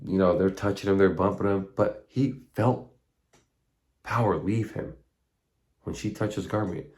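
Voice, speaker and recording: A man's voice: deep voice, moderate pace, long pauses, a little mellow. A man giving an earnest, conversational faith talk, retelling stories with casual asides. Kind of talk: spoken faith monologue.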